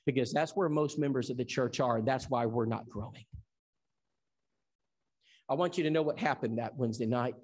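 A man's voice: medium pitch, normal speed, long pauses, a little mellow. A man from Tennessee who teaches an evangelism seminar. He preaches in an emphatic storytelling style and acts out the dialogue. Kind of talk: sermon.

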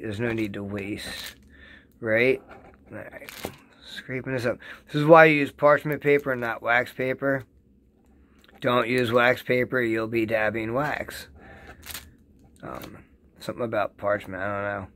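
Male vlogger, excitable and rambling, casual basement how-to demo, mid-pitched voice, faint hiss behind. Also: unhurried. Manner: excitable, rambling, repeats himself. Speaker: home rosin-press vlogger. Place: home basement.

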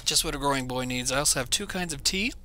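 A man's voice: mid-range voice, fast talker, sharp tone, a little hiss or hum. A man streaming a video game, rambling to his chat in a self-mocking way while he plays. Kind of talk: casual gaming stream chat.

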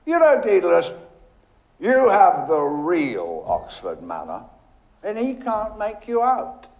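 A brash young joker, loud and teasing, his voice jumping high and swinging wide, as a man reads him out in an echoey room. He sounds slow and showy. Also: wildly swooping pitch, gravelly, exaggerated voice. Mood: scornful. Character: brash mocking young male medical student.

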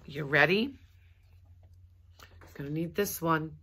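A woman teaching a recorded remote lesson to young children, animated and sing-song as she coaxes them along. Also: fairly low pitch, a little slow, husky. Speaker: kindergarten teacher.

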